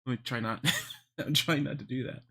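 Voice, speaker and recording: A young man livestreaming, rambling through a deadpan absurd bit with plenty of swearing. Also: mid-range voice, fairly quick, slightly rough. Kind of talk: rambling joking stream chat.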